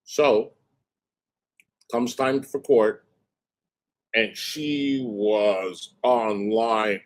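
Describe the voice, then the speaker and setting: A man hosting a livestream, telling a story in a casual, animated and profane way and mimicking other people's voices. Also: on the low side, very slow. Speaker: livestream host.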